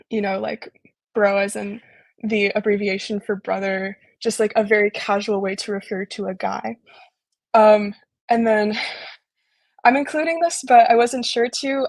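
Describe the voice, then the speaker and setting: A young woman giving a casual online talk, explaining slowly with lots of ums and likes. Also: fairly high pitch, no echo. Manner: relaxed, filler-heavy explaining with frequent ums and likes. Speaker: embassy intern presenting a virtual talk. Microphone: video call.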